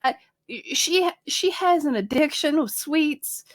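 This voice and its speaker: High-voiced female player, hesitant, rambling in-character talk. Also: lively intonation, takes it slowly. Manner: rambling, hesitant, self-conscious. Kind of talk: casual in-character role-play.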